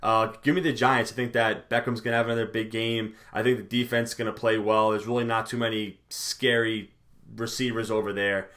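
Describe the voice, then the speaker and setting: A man co-hosting a casual sports talk show, relaxed and joking, often repeating his phrases. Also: on the low side, a little fast. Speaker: co-host.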